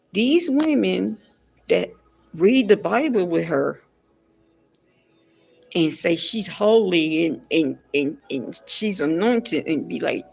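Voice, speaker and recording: A woman's voice: lowish voice, gravelly, breathy edge. A woman giving ranting pop culture commentary in a blunt, repetitive and exasperated way.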